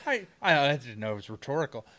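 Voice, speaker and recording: Animated man recapping a movie. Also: mid-range voice, quick pace. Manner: animated, profane, acts out scenes in silly voices. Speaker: podcast co-host. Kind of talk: casual movie recap chat.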